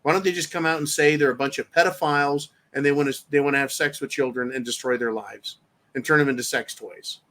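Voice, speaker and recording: A man's voice: mid-range voice, steady tone, quick pace, pushed and bright. A man hosting his own show, ranting in a profane, combative way and reading out viewer comments. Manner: reads viewer chat aloud. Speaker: show host. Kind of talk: live-stream commentary rant.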